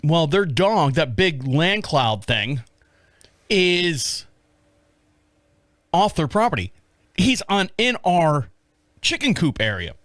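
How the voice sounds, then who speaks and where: A man in his fifties hosting his own show, telling a rambling story from his rural life with lots of swearing, acting out his own shouting in a high, loud voice. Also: slow pace, pauses often, no room sound, studio quality. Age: 50s. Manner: profane, animated storyteller who acts out his own yelling. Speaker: podcast host. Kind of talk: casual solo storytelling.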